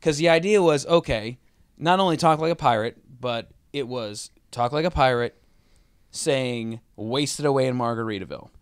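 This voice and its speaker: A man's voice: mid-range voice, unhurried, clean tone, dry recording, studio quality. A man co-hosting a casual podcast chat, telling stories animatedly and acting out quotes. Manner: animated storyteller, acts out quotes. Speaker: podcast co-host, tour roadie.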